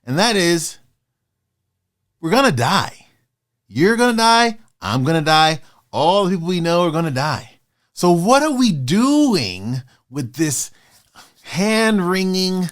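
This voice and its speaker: A man in his fifties hosting his own motivational vlog, talking in a passionate, fired-up way with sudden loud bursts. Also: a little high, lively intonation, unhurried. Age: 50s. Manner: acts out doubters in quoted asides. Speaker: author and channel host.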